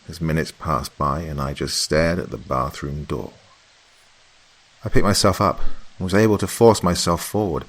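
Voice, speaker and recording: A man narrating a first-person horror story in a slow, hushed, dramatic way. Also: low voice.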